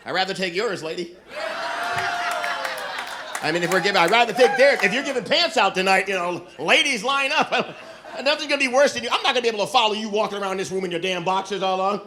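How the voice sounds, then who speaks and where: High-pitched and fast, with lively intonation, a middle-aged comedian ribs his club audience in a brash, profane set. The live recording has a noisy background and audience laughter.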